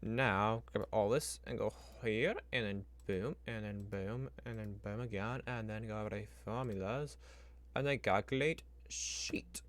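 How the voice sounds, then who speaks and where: A man's voice: lowish voice, steady tone, moderate pace, hardly any pauses. A man streaming as he builds a spreadsheet, thinking aloud in a casual, rambling way, talking to his computer and making up little sound effects. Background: keyboard typing and clicking.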